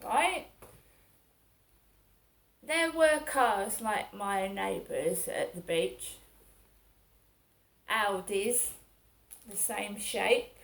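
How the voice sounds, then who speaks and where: A middle-aged woman vlogger speaks very slowly with frequent pauses, her medium-pitched voice creaky yet a bit bright. Aggrieved and rambling, she talks through her day, repeating herself as her story circles back.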